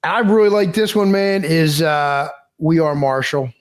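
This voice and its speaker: A man co-hosting a casual podcast, talking haltingly with repeated words and fillers. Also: on the high side. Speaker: podcast co-host. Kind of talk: casual chat.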